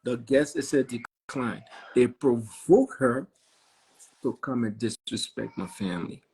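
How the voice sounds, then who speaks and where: A man's voice: medium pitch, measured pace, a little mellow, breathy edge, rough recording. A Liberian man in casual live chat, insistent and repetitive, often checking that the listener understands. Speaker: livestream caller addressing critics.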